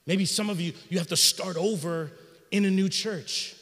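A middle-aged man preaching a sermon in a church sanctuary, in an energetic, conversational style with slang. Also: high-pitched, normal speed, long reverb tail. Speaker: pastor.

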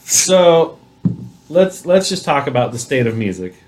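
A man co-hosting a casual chat over drinks, telling stories in an animated way. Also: on the high side, a little slow, noisy background. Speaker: podcast co-host.

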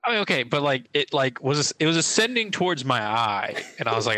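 A young man tells a long, rambling story on a casual podcast, leaning heavily on fillers like "like" and "I was like." His voice is bright and forceful, with a dry, close sound. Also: medium pitch, expressive, moderate pace, few pauses, no room sound, poor audio. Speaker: podcast co-host. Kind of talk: casual chat.

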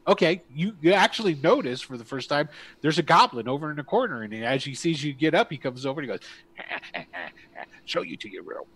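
A man's voice: on the high side, expressive, quick pace, a bit bright, breathy edge. A man narrating as game master in a rambling, laugh-prone way.

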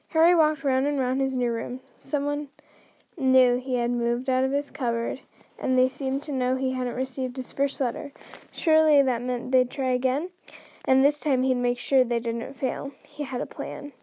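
Woman host reading aloud, high and soft-toned, dry close sound, frequent stumbles and restarts. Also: moderate pace, dry recording. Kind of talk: unrehearsed read-aloud narration.

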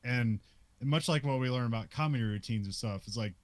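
A man's voice: mid-range voice, brisk, no echo. A man co-hosting a podcast, recapping a film in casual chat, laughing often and filling his sentences with "like" and restarts. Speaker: podcast co-host.

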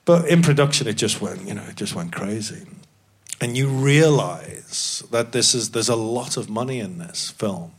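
A man's voice: mid-range voice, expressive, moderate pace. A man, an actor guest, telling rambling, self-mocking anecdotes in a casual chat with many restarts. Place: live podcast stage.

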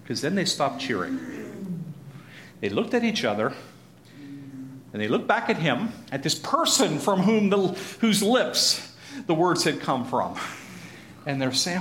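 Male Bible teacher, lively pitch, slightly high voice, echoey room, faint hiss. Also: unhurried, long pauses. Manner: animated, acts out crowd voices, chuckles often.

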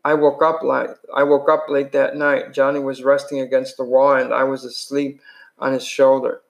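A man reads a novel chapter aloud in an unpolished way, stumbling and restarting now and then. His voice sits at an ordinary middle pitch for a man, steady like a home reading. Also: moderate pace, gravelly. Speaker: reader.

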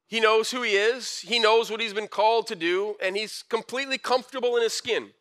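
A young man preaching a casual, conversational sermon with slang and animated asides. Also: sits high, a little fast. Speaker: pastor.

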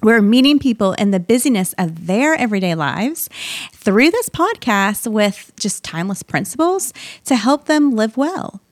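A woman's voice: a little high, very animated, normal speed, dry recording, studio quality. A woman co-hosting a faith podcast, chatty and bubbly, telling stories with easy laughter. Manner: bubbly, giggly, chatty storyteller. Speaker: podcast co-host. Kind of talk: casual faith podcast chat.

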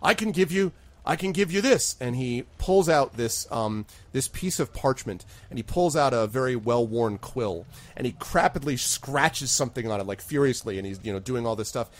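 This is a male game master narrating an online tabletop session. His tone is easygoing and halting, and his voice sits at an average pitch. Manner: relaxed and hesitant, with many fillers.

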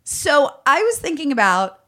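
A middle-aged woman hosting a podcast, chatting casually with a playful, teasing manner and quick joking asides. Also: high-pitched, sing-song, a crowd in the background. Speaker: podcast host. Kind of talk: casual chat.

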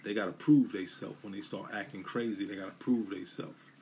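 Low-voiced, profane New podcast host. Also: male voice, steady tone, fairly quick, a little mellow, slight background noise. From Brooklyn, New York. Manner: loose, emphatic, profane street talk. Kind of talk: casual solo podcast monologue.

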